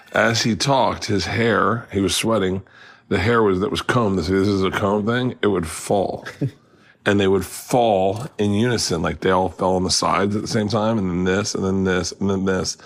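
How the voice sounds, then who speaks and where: A man in his fifties hosting a podcast, telling a funny story in a casual, animated way, often laughing and acting out other people's lines. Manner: animated storyteller, acts out quotes with big pitch jumps, laughs often. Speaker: podcast host.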